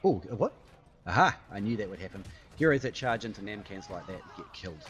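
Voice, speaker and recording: A man talks through his gameplay as it happens, chatty and playful, tossing in little sound effects. His pitch swings widely and his delivery stays lively. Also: a little fast, soft background music. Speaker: gaming YouTuber. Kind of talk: live gameplay commentary.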